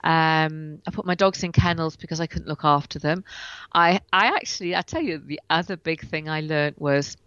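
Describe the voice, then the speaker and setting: Woman guest, in pain, animated storyteller, dull dry lo-fi sound. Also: low voice, moderate pace, clean tone, no echo. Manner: animated, acts out what she and others said. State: in pain while speaking. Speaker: guest, writer and coach. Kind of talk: personal storytelling in an interview. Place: at home.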